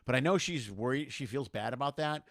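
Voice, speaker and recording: Middle-aged male comic guest, rapid animated storyteller, dry close mic. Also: medium pitch, no echo. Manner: animated storyteller, acts out quoted voices. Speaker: comedian guest. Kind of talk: casual storytelling chat.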